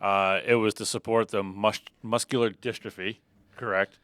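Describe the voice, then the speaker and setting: A man's voice: lowish voice, little pitch movement, moderate pace, a bit bright, clean tone, dry recording. A man hosting a podcast, chatting loosely and asking follow-up questions. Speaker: podcast host. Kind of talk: casual chat.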